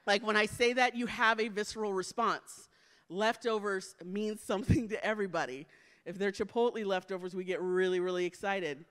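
Woman church speaker, sermon, lively and joking, goes soft and hushed in prayer. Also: on the high side, fairly quick. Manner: animated and playful, jokes with the congregation.

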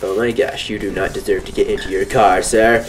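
A man's voice: on the low side, fairly even intonation, fairly quick, soft background music. A man doing goofy let's-play commentary, playful and joking. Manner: goofy, playful, drops into silly voices. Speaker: gaming YouTuber.

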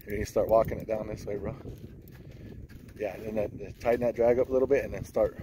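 A man's voice: on the low side, fairly quick. A young man filming his friend fishing outdoors, coaching him with lots of slang and swearing. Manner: coaching, swears often, calls friend bro and dude. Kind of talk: excited casual chat while filming. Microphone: phone camera. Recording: outdoor phone recording with steady background noise.

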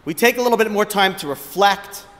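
Rabbi with a fairly high voice, calm thoughtful sermon, hall echo behind him. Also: male voice. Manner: measured, thoughtful, poses questions. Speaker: rabbi giving a short lecture. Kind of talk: reflective sermon.

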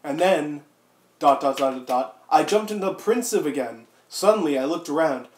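A man's voice: on the high side, animated, moderate pace. A man giving an exaggerated comedic reading with friends, jumping between silly voices and asides, his throat sore from coughing. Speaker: comedic reader. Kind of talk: mock dramatic reading with friends. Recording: echoey room.

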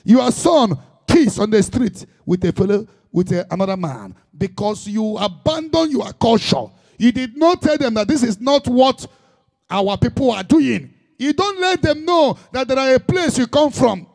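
A man's voice: extremely high pitch, expressive, normal speed, creaky, a little mellow. A man with a Nigerian Igbo accent, preaching a sermon as a pastor in an impassioned, emphatic style full of repetition.

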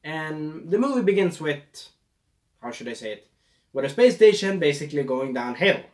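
A man's voice: a little high, very animated, moderate pace, darkish tone. A man casually reviewing a movie, rambling and losing his train of thought, with a scratchy throat.

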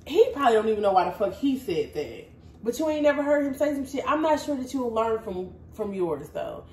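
A woman's voice: fairly high pitch, big pitch swings, fairly quick, a little mellow, echoey room, low-quality recording. A woman co-hosting a casual podcast, blunt, profane and mocking, a little tipsy. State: tipsy, hiccuping. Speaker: podcast co-host. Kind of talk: casual chat.

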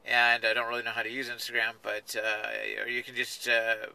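A man's voice: mid-range voice, monotone, normal speed, gravelly, bright, forceful tone, low-quality recording. A man in his forties, talking in a rambling, chatty way with self-deprecating jokes, from inside his parked car at night. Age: 40s. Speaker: vlogger. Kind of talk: rambling casual vlog.

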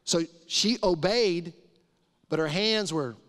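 Middle-aged man, pastor, on a live mic; emphatic, conversational preaching; somewhat higher voice; long sanctuary reverb. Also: takes it slowly, fairly bright tone. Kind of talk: sermon. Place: large church sanctuary.

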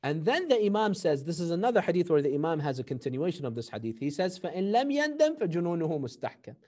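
A man teaching a seminary ethics class, telling stories with animated delivery and quoting sayings before translating them. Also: on the high side, racing. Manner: animated storytelling, quotes Arabic hadith then translates. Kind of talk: recorded class lecture.

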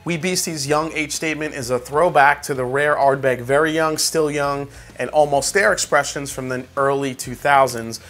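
Bright-voiced New man reviewing whiskey. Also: on the high side, moderate pace, hardly any pauses. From New York. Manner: chatty, many fillers like "like" and "uh"; excitable tasting reactions. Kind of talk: casual tasting review.

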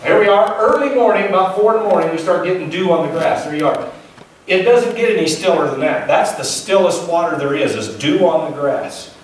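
A man's voice: high voice, animated, a little fast, a little hiss or hum. A male pastor preaching a sermon in a folksy, conversational way, asking his listeners questions. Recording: echoey church sound from a distant mic.

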